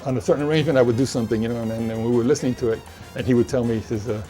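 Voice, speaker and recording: A man in a documentary interview who talks haltingly, repeating words and laughing as he remembers. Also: mid-range voice, fairly even intonation, dark tone, faint music behind.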